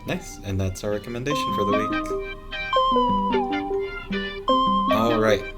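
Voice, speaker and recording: A woman's voice: rumbling low, huge pitch swings, slow pace, loud music behind the voice. A woman co-hosting a podcast in casual chat, playful and fussy about how words are pronounced. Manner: playful, corrects pronunciations with emphasis. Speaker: podcast co-host.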